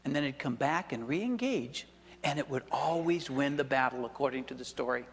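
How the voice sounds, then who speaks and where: A man's voice: mid-range voice, lively intonation, moderate pace, in a large hall, slight background noise. A male pastor preaching a sermon, talking conversationally with chuckling asides and questions to the congregation. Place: church sanctuary.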